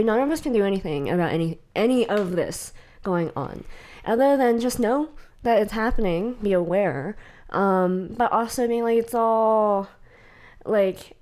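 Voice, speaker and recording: A woman's voice: mid-range voice, darkish tone. A young woman co-hosting a podcast in casual chat, rambling with frequent laughs and acting out quoted exchanges. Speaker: podcast co-host.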